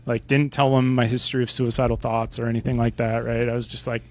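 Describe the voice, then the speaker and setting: A man's voice: medium pitch, level tone, fast talker. A man in his forties with an American accent, a podcast guest telling his story in a casual, conversational way, often checking in with "right?". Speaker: podcast guest, retired Army pilot.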